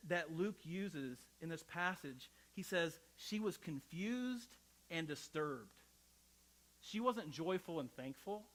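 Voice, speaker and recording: A middle-aged man preaching like he's talking with friends, personal and unpolished, tossing in "right?" to keep the room with him. His voice is bright and forward and sits a touch high for a man. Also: poor audio. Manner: conversational, personal storytelling with frequent "right?". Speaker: pastor. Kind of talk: sermon.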